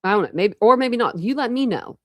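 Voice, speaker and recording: A woman's voice: a little high, expressive, quick pace, no room sound, studio quality. A woman hosting a true crime channel, talking casually to viewers and thinking aloud as she goes. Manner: rambling, thinks aloud with restarts.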